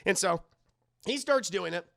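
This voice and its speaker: Man, movie reviewer, casual stream recap, lively pitch, gravelly, profane. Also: a little slow, no echo, clean studio sound. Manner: animated, profane, rambling.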